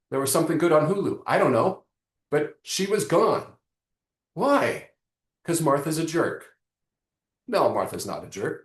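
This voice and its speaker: A man hosting a live online marketing lesson, joking and talking straight to his audience in an animated way. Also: fairly high pitch, roomy sound. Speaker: webinar host.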